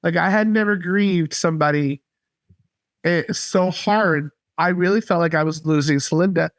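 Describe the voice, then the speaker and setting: A man from North Carolina, a podcast guest, telling a faith story earnestly and haltingly. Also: on the high side, dry recording. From North Carolina, USA. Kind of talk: casual faith testimony.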